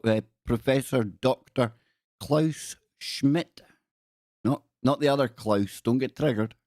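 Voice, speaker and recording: A man's voice: medium pitch, darkish tone, no echo, clean studio sound. A man hosting a live stream, rambling and joking as he reads captions aloud in casual commentary. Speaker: live-stream show host.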